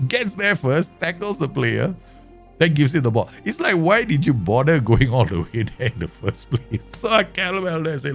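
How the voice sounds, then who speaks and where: A male streamer with a gravelly, creaky voice talks casually to his live viewers while he plays a management game. He jokes, laughs and rants in mock anger at his digital players, and faint music sits behind him. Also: a little high, big pitch swings, moderate pace. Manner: chatty, joking, talks to viewers. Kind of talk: casual livestream chat.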